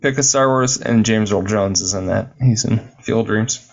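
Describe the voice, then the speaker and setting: A man's voice: on the low side, moderate pace, vocal fry, muffled recording. A man co-hosting a podcast, chatting casually about films in a playful, teasing, enthusiastic way. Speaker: podcast co-host. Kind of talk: casual film chat.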